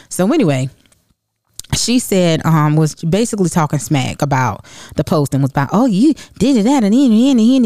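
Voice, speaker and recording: A woman podcast host from the United States telling a long personal story in casual, animated talk, often calling her listeners y'all. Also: deep voice, no echo, studio quality.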